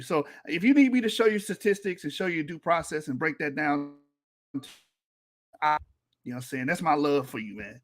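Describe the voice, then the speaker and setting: Male host, high voice, very lively pitch, sarcastic, teasing, laughing. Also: moderate pace. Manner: teasing, sarcastic, laughs often, sings jeering lines. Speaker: stream host reacting to clips. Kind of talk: mocking reaction commentary.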